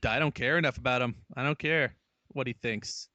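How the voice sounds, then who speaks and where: A man co-hosting a casual comedy podcast, wry and deadpan, firing off quick questions. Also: medium pitch, dry recording, lo-fi sound. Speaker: podcast co-host.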